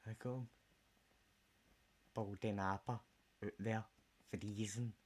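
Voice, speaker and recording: A man's voice: fairly low pitch, fairly even intonation, slow pace. A Scottish man in a casual, rambling chat full of jokes and swearing. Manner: jokey, rambling, swears a lot. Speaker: vlogger.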